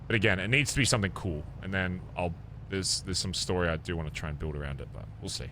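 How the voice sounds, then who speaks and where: A man's voice: sits low, quick pace, noisy background. A man streaming a role-play game, chatting casually in character, laughing often and swearing freely.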